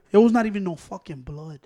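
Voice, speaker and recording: High-voiced man telling a profane story. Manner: profane, animated, acts out quotes. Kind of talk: casual storytelling among friends.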